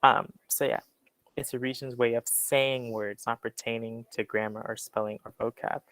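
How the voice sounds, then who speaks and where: A man with a General American accent, teaching an English class in a relaxed, explanatory way with many fillers. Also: mid-range voice, normal speed, low-quality recording. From Western United States. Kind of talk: classroom lecture.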